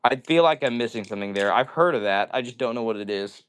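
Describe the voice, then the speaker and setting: A man hosts a casual indoor livestream, joking around and reading viewer comments aloud. His medium-pitched voice is a bit bright and smooth, with lively intonation, and he talks fast.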